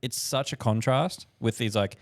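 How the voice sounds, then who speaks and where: Gravelly laid-back man, dry. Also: mid-range voice, normal speed, no echo. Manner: laid-back, agreeable, lots of short "yeah"s. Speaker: guest, drinks brand founder. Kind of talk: casual interview chat.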